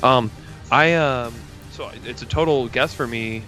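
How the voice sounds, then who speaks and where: A man chatting casually, telling stories in a rambling, animated way and piling up "like" and "uh." His pitch sits in the middle range. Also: measured pace, soft background music. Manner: rambling, animated retelling, full of fillers. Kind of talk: casual chat.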